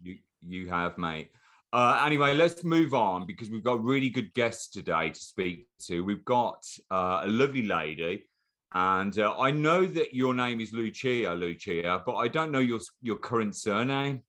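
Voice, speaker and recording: Low-voiced teasing male podcast host. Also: expressive, moderate pace, fairly bright tone. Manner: chatty and teasing, with frequent restarts. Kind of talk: casual chat.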